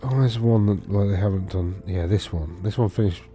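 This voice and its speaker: A wargaming video host with a deep voice speaks at a normal speed in a dark tone, with faint music behind him. He casually walks through tournament data on his screen, rambling and correcting himself as he thinks aloud in this screen-share commentary.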